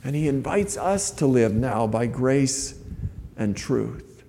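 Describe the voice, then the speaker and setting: A man's voice: mid-range voice, expressive, takes it slowly, creaky, dark tone, long reverb tail, a little hiss or hum. A man preaching a sermon as a pastor, earnest and conversational, often restarting his phrases.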